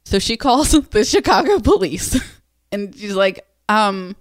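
Podcast co-host: a lively woman who tells stories with lots of laughs, recorded dry. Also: mid-range voice, takes it slowly, no room sound. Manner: animated, laughing, acts out quotes. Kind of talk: casual storytelling chat.

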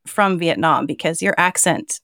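Woman podcast host, animated pitch, playful teasing chat, dry close mic. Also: normal speed, no room sound. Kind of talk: casual podcast interview.

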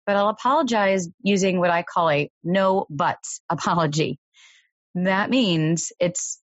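A woman with a slightly low voice gives parenting advice in a calm, measured, explanatory manner. The sound is dry and a little dull, like a lo-fi home recording. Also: dry recording. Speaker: parenting podcast host. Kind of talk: advice talk.

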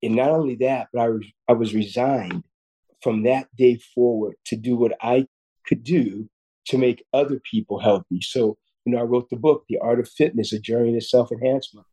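Heard on a rough recording, a fifty-something surgeon guesting on a podcast shares a personal story in an earnest, steady tone at normal speed. His mid-pitched voice is dark, mellow and husky, and he keeps restarting and repeating words.

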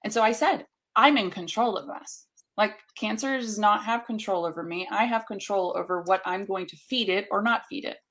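A woman's voice: mid-range voice, normal speed, a bit bright. A woman coach being interviewed, speaking in an upbeat, emphatic way and explaining with examples. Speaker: guest, coach. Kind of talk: conversational interview.

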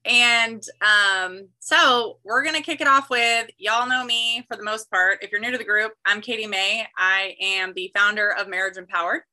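A woman's voice: mid-range voice, fairly even intonation, moderate pace, hardly any pauses, pushed and bright, low-quality recording. A woman, hosting a casual group chat with bubbly enthusiasm. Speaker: podcast host and marriage coach.

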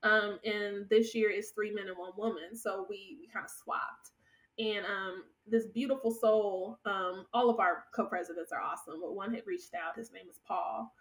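Woman in her thirties, lively storyteller, laughs a lot, slightly distant from the mic, mid-pitched. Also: moderate pace. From United States. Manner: animated, laughs often while telling stories. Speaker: guest. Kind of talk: conversational storytelling.

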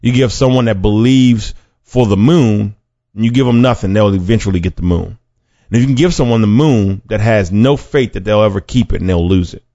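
A man's voice: on the low side, brisk, mellow, dry recording. A man preaching a podcast sermon in an earnest, conversational way, often restarting his sentences. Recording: dry, dull lo-fi sound.

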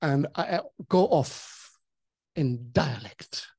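A pastor and co-host tells a testimony in conversation, acting out the quotes, and his voice leaps up as the story heats up. He is mid-pitched, lively, slow and husky, recorded close and dry with no echo.

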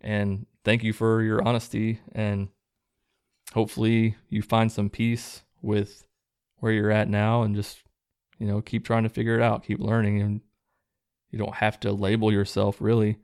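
A man with a low, gravelly voice reads viewer letters aloud in a steady, even tone. Between letters he adds relaxed, low-key comments. The sound is close and dry, with no room echo. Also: normal speed. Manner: low-key, plain reading, relaxed asides. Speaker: host reading viewer stories.

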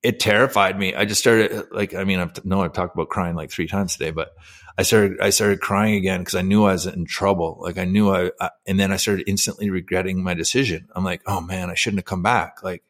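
A man's voice: low-pitched, steady tone, brisk, a bit bright. A middle-aged man, a former pro athlete and podcast guest, telling his personal story candidly and emotionally, with many fillers and restarts.

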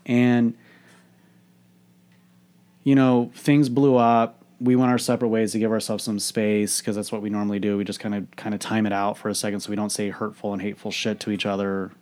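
A man's voice: lowish voice, monotone, brisk, a little mellow. A man, a coach, telling a candid personal story in a frank, reflective way, swearing freely.

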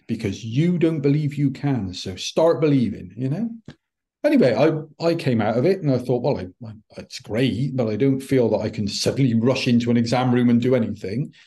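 A middle-aged man, a podcast guest, telling a personal story in an animated way and acting out the dialogue. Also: medium pitch, moderate pace. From United Kingdom. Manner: animated, acts out quoted dialogue. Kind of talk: anecdotal storytelling.

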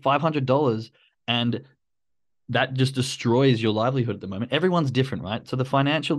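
A man giving a casual coaching talk on trading, acting out his own inner questions in a loose, conversational way. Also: medium pitch.

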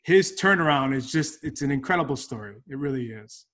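A man hosting a casual golf interview, upbeat and quick to laugh. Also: medium pitch, lively intonation, a bit bright. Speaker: podcast host.

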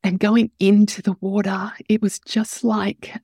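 A woman's voice: medium pitch, flat delivery, unhurried, warm tone, slightly rough, no room sound, studio quality. A woman hosting a podcast, telling a personal story in an emotional, candid way and growing teary as she talks. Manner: emotional, tearful at moments, candid with swearing. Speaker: podcast host.

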